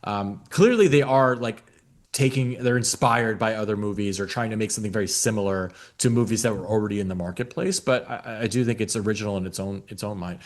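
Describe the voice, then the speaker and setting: Low-voiced man casually reviewing a film. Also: a little fast. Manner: loose, filler-heavy opinions with many restarts. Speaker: podcast co-host. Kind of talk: casual chat.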